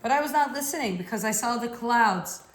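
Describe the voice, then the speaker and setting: A woman reading a novel aloud in the first person, measured and reflective. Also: a little high, animated. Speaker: audiobook reader.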